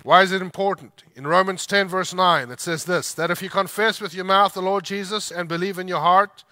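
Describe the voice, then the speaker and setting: Bright, high-voiced male preacher. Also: fairly even intonation, no echo. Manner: emphatic, slows down to stress scripture lines. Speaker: pastor. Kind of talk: sermon.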